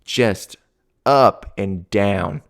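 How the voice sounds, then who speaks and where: A man's voice: fairly low pitch, very slow, gravelly. A man, a swim coach hosting a show, giving casual sports commentary in a loose, slangy way that grows heated. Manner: casual, heavy with "like" and "dude", grows heated and ranting.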